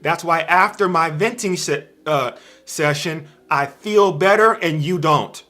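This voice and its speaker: A man's voice: on the high side, a little slow, bright, forceful tone. A man giving an informal livestream sermon, emphatic and repeating his key phrases. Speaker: preacher on a livestream.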